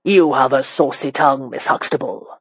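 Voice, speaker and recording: An audiobook narrator plays a gruff elderly marquis, commanding and blunt with an imperious, cutting tongue. The mid-range voice is husky and moves at a moderate pace, staying close to an everyday voice. There's no echo, and the top end of the sound is cut off.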